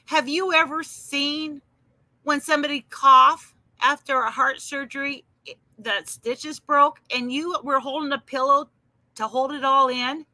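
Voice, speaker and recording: A woman's voice: high-pitched, fairly even intonation, unhurried, bright, forceful tone, no echo. A woman talking casually on a livestream, answering viewers in her chat by name with emphatic, heated remarks.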